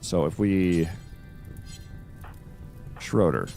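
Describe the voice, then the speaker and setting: A man's voice: deep voice, lively intonation, extremely slow, gravelly, dark tone, soft background music. A man streaming a game live, chatting along as he plays, greeting viewers and talking to his cat. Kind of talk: live-streamed gameplay commentary.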